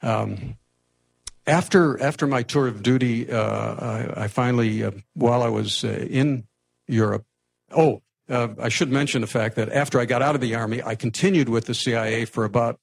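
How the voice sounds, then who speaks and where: An older man from the United States telling a personal story to a live audience, lively and anecdotal with frequent restarts. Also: mid-range voice, moderate pace, vocal fry. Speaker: speaker telling his life story.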